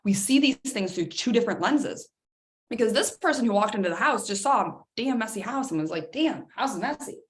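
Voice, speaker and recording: Picture a middle-aged woman leading a live self-help session, speaking plainly and conversationally. She slips into little acted-out bits of dialogue to make her points, keeping an easy, animated delivery. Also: on the high side, brisk. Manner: animated, acts out quoted dialogue in other voices. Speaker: host of a self-help workshop. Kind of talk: live coaching talk.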